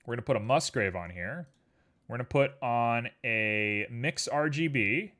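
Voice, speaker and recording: A man's voice: medium pitch, animated, a little slow, a bit bright. A man streaming live, chatting casually with his viewers in a playful, joking way while he works. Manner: playful, jokey, rambling asides to chat. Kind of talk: casual chat while working.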